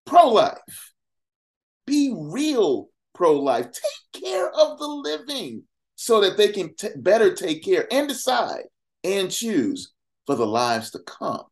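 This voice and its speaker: A man's voice: sits high, big pitch swings, measured pace. A man talking as a podcast guest in an impassioned, conversational way, firing off rhetorical questions between casual fillers and asides. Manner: emphatic, fires off rhetorical questions.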